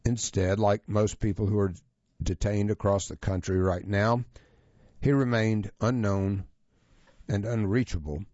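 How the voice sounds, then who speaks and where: A man presenting a magazine feature as scripted narration, reading in a measured, even manner. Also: on the low side, no room sound. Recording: dull, lo-fi, dry sound.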